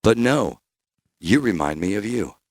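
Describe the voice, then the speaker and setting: A man from Northern California hosting a casual podcast interview, animated and profane, with rambling restarts. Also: fairly low pitch, a little slow, no room sound, clean studio sound. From Bay Area, Northern California. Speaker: podcast host.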